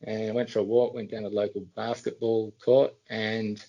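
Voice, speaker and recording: A middle-aged Australian man with a gravelly, fry-edged voice spinning loose anecdotes as a podcast guest. He wanders, restarts his sentences and circles back in an easy, conversational way. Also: on the low side, level tone, normal speed, warm tone, muffled recording. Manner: rambling anecdotes with frequent restarts. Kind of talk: casual storytelling.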